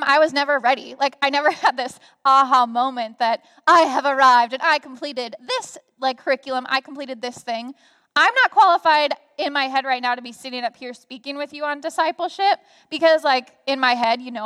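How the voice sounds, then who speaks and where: A young woman speaking on stage, telling a story in a chatty, animated way with many fillers. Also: high voice, fairly quick. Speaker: guest speaker. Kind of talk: conversational sharing on a church stage. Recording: reverberant hall sound.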